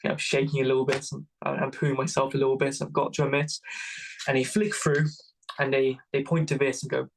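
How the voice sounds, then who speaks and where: A man's voice: medium pitch, completely flat delivery, fairly quick, vocal fry, low-quality recording. A young man from Wales telling travel stories as a guest, casual and self-mocking. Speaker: guest adventurer. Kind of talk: casual storytelling.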